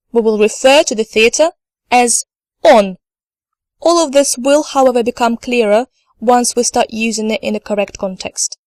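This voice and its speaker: A woman's voice: on the high side, no room sound. A woman teaching a recorded language lesson, speaking carefully, saying each word twice for learners and encouraging them to repeat. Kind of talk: scripted online lesson.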